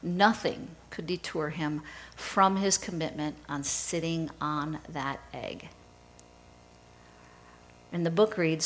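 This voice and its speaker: Slow, low-voiced woman preaching a sermon. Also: steady tone, slight background noise, rough recording. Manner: measured storytelling delivery. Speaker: pastor.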